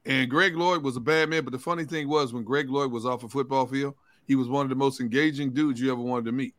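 A man's voice: medium pitch, steady tone, fast, no echo. A man, a sports reporter co-hosting a talk show, recalling players in an emphatic, conversational way.

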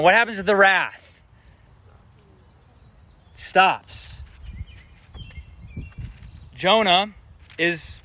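A man's voice: sits high, bright, forceful tone. A young man preaching a casual sermon, often asking the audience questions. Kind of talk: interactive sermon.

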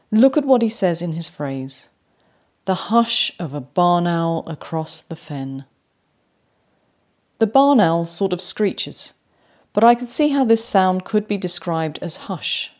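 A woman hosting a poetry podcast, speaking with warm enthusiasm and slowing down to savour lines read aloud. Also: fairly low pitch. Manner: animated, slows right down to read poems aloud. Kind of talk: podcast commentary on haiku.

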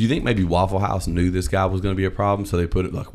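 A man's voice: low-pitched, steady tone, quick pace, hardly any pauses. A man, telling a story in casual chat, swearing freely and acting out voices.

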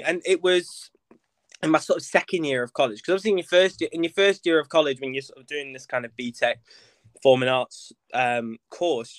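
A chatty young man talks as a guest on a podcast, camp and expressive. His voice is bright and slightly high. The sound is dry, with no room around it. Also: no room sound. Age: young adult. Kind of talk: casual interview chat.

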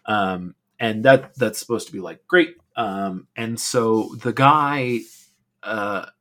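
A man's voice: fairly low pitch, slow, fairly bright tone. A male podcast co-host telling a rambling story in casual chat, swearing freely and filling gaps with ums.

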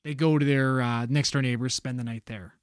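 A man casually retelling a spooky story on a podcast, animated and swearing freely. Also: mid-range voice, brisk, clean tone, dry recording, clean studio sound. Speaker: podcast co-host telling a story.

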